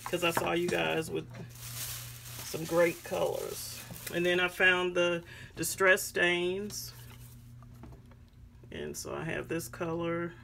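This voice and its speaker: Chatty craft vlogger woman, gravelly voice. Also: lowish voice, flat delivery, slow, long pauses, a bit bright, a little hiss or hum. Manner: chatty, addresses viewers as guys, many ums. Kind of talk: casual show-and-tell chat. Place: home craft room.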